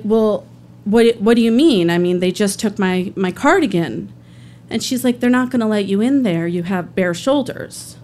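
Earnest woman storyteller, plain conversational delivery, mid-pitched voice. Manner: earnest, conversational, slowing at emotional moments. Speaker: public defender telling a personal story. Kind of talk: live personal storytelling.

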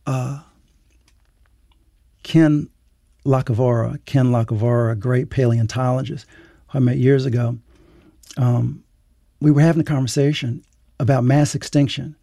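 Male writer guest, gravelly and dark-toned, earnest storyteller. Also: medium pitch, fairly even intonation, measured pace, pauses often, dry recording, studio quality. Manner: earnest, storytelling, preacherly lifts. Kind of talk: reflective interview talk.

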